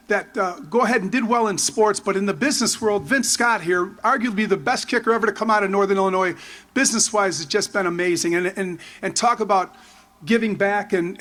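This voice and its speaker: A man in his fifties giving a rambling, excited tribute speech full of anecdotes and restarts. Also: high-pitched. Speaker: former player giving a tribute. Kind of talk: storytelling speech at a memorial.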